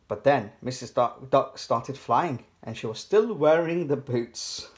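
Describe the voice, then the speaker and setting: A man's voice: medium pitch, moderate pace, a little mellow. A man reading a children's picture book aloud in a cheerful storytelling voice. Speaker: storybook reader.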